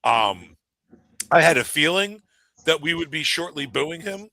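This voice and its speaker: Gravelly, bright-toned man chatting. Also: on the high side, a little slow, no room sound, low-quality recording. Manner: animated, laughs often, rambling. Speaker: wrestling podcast co-host. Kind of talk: casual chat.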